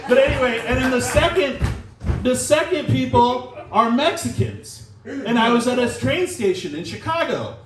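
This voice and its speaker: A man doing a stand-up set with a wry, self-deprecating delivery and filler pauses, into a handheld mic. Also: very high-pitched, animated, soft background music. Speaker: stand-up comedian. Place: small comedy room in a comic shop. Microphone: handheld mic, recorded from the room. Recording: roomy, distant audience recording. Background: audience laughter.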